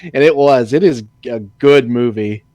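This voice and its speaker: A man's voice: measured pace, mellow, dry recording. A young man chatting casually as a podcast co-host, laughing a lot and acting out quotes. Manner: laughs often, acts out movie quotes in high voices. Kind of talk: casual chat.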